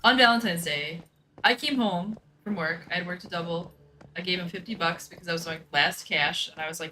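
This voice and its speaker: This gaming streamer talks fast, her low-leaning voice pushed and bright, as she bluntly recounts something that happened to her, swearing and dropping "like" everywhere. There's slight background noise and the recording is rough.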